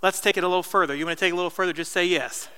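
Male preacher, thirties, from New Jersey; chatty sermon, crisp and resonant, live church hall reverb. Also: high-pitched, fairly even intonation, racing, pushed and bright. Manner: conversational storytelling with asides to the congregation. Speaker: pastor.

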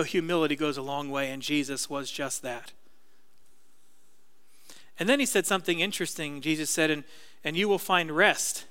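A man's voice: high voice, sharp tone, clean tone, big-room sound. A middle-aged man, a pastor, preaching a sermon in a conversational, self-deprecating storytelling way.

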